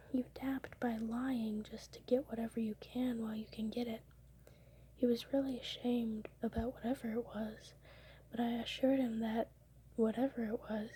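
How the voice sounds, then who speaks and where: A young woman whispering close to the mic at home late at night, telling her dreams in a soft ASMR style and now and then breaking into laughs. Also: on the high side, slight background noise. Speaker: ASMR creator.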